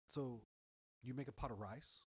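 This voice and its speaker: Heard on a low-quality recording, his mid-range voice is slightly rough and goes at a normal speed. The man is sharing a story in relaxed chat, full of swearing, animated as he acts out what people said.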